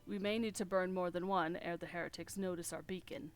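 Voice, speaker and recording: A woman's voice: fairly low pitch, steady tone, a little fast, close to an everyday voice. Woman reading a formal young noble scholar. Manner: formal, old-fashioned phrasing. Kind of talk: reading game dialogue aloud.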